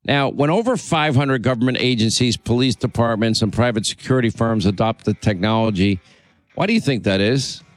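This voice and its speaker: A man's voice: mid-range voice, fairly quick. A man hosting a talk radio show, indignant and repeating phrases for emphasis.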